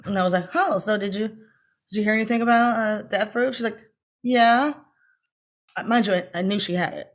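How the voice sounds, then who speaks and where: A middle-aged actress with a medium-pitched voice tells a story in a casual interview. She's animated, talks fast in bursts, and acts out the voices of the people she quotes.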